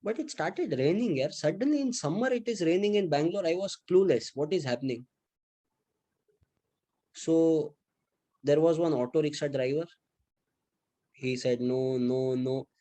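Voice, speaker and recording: A man's voice: fairly high pitch, moderate pace, long pauses. A man from Mumbai with an Indian English accent, a lecturer telling chatty anecdotes to his students in a casual classroom style. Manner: chatty, animated anecdotes with acted-out quotes.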